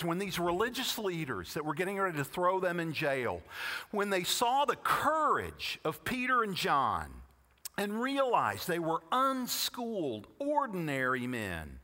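A man preaching a sermon, emphatic, with rhetorical questions and dramatic slow-downs, recorded in a large church hall. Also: a little high, pushed and bright. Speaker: pastor.

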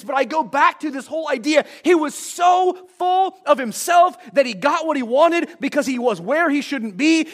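High-voiced pastor preaching a story-driven sermon. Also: male voice, fairly bright tone. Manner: storytelling, acting out quoted lines with restarts.

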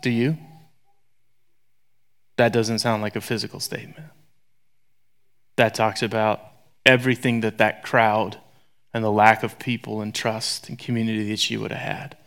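A man preaching a sermon in a conversational, joking way, swinging from loud to hushed whispers. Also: lowish voice, little pitch movement, normal speed, long pauses, smooth. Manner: conversational, joking, acts out voices.

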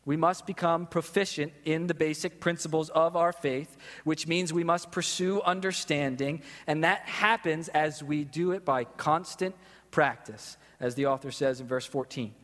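A man preaching a sermon as a pastor, earnest and emphatic, slowing on key words and repeating questions. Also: on the high side, fairly bright tone, big-room sound.

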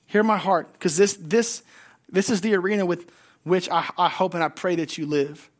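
A man's voice: high-pitched, steady tone, moderate pace. A man preaching a sermon as a guest pastor. He speaks emphatically, repeats key lines and has the congregation say phrases back to him.

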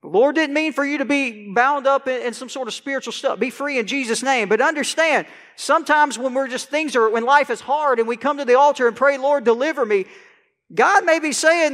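A male pastor preaching a sermon to a congregation, swinging from quiet conversational asides to loud, rising proclamation. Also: extremely high pitch, brisk. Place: church sanctuary. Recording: long church hall reverb.

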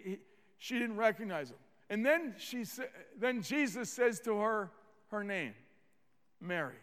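A man's voice: extremely high pitch, fairly bright tone, big-room sound. A man preaching a sermon as pastor, earnest, repeating words and leading the congregation in responses.

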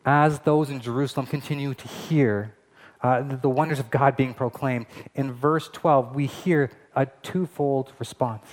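Man preaching, lively and chatty. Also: mid-range voice, a little slow. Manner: lively, conversational preaching with asides. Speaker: pastor. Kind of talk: sermon.

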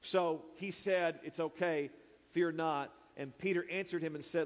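Preacher in an echoing church. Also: male voice, fairly high pitch, fairly even intonation, unhurried. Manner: preaching with calls to the congregation. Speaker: pastor. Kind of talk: sermon. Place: church sanctuary. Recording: long hall reverb.

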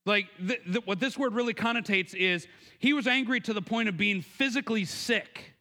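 Man, pastor, high voice, sermon, earnest, conversational, repeats himself, acts out quotes. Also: normal speed, bright, forceful tone. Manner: earnest, conversational preaching with frequent restarts and stammered repeats; acts out quotes with raised pitch and emphasis.

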